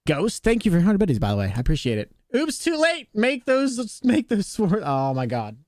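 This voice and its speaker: Excitable, flustered male game streamer. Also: high-pitched, fairly quick. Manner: excitable, flustered, joking, rambling. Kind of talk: live-stream chatter to chat.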